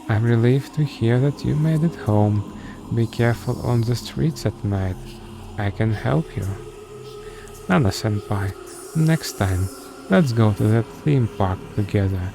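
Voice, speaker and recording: A man reading the messages of an obsessive young woman who clings to her co-worker, in a slow and even voice, with game music playing behind. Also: mid-range voice, vocal fry. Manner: reads text messages slowly and evenly.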